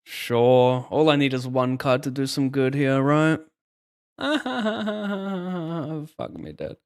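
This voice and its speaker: Sweary poker streamer. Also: male voice, fairly high pitch, extremely slow, smooth. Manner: swearing, joking, self-mocking. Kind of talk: casual live-stream commentary.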